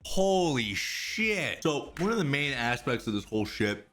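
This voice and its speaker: A man rants through a reaction commentary with a wide, animated pitch swing and a hard, forceful edge. He talks in loud, sarcastic, profane outbursts. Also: brisk. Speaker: streamer commentator.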